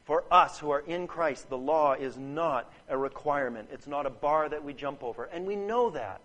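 High-voiced man preaching a sermon. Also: moderate pace, few pauses, fairly bright tone, rough recording. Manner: earnest, emphatic, repeats phrases, asks "Right?" to listeners.

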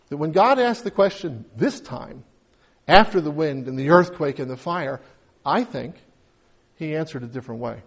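A man's voice: on the high side, lively intonation, normal speed. A man preaching a conversational sermon, retelling the story with humor and acting out the characters' pleas with rising emotion. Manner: conversational, acts out biblical voices with rising emotion. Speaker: pastor.

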